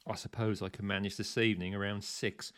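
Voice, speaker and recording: A male narrator voicing a gruff, mocking middle-aged man who sneers at his caller. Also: fairly low pitch, level tone, brisk, fairly bright tone, close to an everyday voice. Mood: sardonic.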